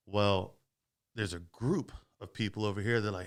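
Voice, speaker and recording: Smooth-voiced man telling a wild story. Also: on the low side, normal speed. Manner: profane, animated storyteller. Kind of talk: casual storytelling.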